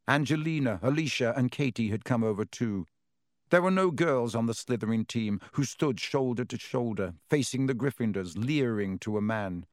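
A man's voice: mid-range voice, normal speed, no echo. Dry, close male audiobook narrator. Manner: steady, even storytelling.

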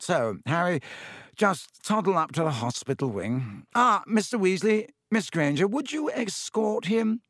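A man's voice: on the high side, a bit bright, no room sound, studio quality, voice pushed up. A man voicing a vain, showy wizard teacher who talks in an airy, smug, dismissive way.

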